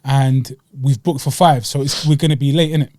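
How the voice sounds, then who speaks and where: A young man with a London accent, co-hosting a podcast in casual chat and telling animated stories full of slang and acted-out quotes. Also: medium pitch, brisk, dry recording, clean studio sound. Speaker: podcast co-host.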